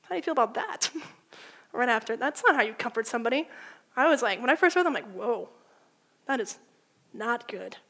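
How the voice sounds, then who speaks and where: High-voiced woman preaching a sermon. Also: fast talker. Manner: animated storytelling, swinging from loud to hushed; informal, with frequent "like".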